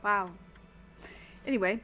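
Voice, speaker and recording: A woman with a rough, worn throat, chatting casually with her viewers while streaming a video game, rambling and swearing now and then. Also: medium pitch, takes it slowly, sharp tone, faint music behind.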